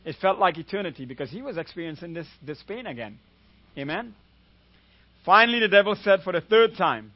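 A man with a high voice preaches a sermon, often checking in with his listeners with a questioning "amen?". The sound is dry and a bit dull and lo-fi. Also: lively intonation, moderate pace, dry recording. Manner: calls "amen?" often, retells a story with quoted voices. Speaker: guest preacher.

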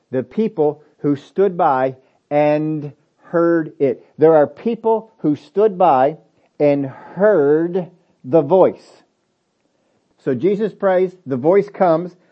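A man's voice: on the high side, expressive, slow pace, highs cut off. A man preaching a sermon, emphatic and repetitive, asking rhetorical questions of his listeners.

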